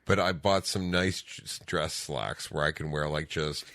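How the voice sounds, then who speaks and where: Deep voiced guy telling stories on a podcast, laughs a lot, says like constantly, dead dry mic. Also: fairly even intonation, unhurried, fairly bright tone, dry recording. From Canada. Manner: rambling storyteller, laughs often, many "like" fillers. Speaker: podcast co-host. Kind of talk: casual chat.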